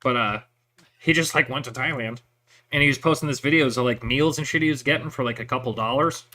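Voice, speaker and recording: A man with a bright voice rambles through casual stories, swearing freely and laughing at his own jokes. He talks like a veteran chatting with a friend, loose and unscripted. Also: mid-range voice, fast. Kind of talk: casual chat.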